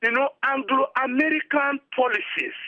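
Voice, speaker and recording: A Nigerian man in his fifties with a strikingly high voice, speaking as a retired colonel. He lectures in an emphatic, repetitive way, pressing his points home. The audio is muffled and lo-fi. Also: a little slow. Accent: Nigerian English. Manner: emphatic, repetitive, keeps asking "you understand me?". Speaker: retired army colonel, studio guest. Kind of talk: lecturing interview answers.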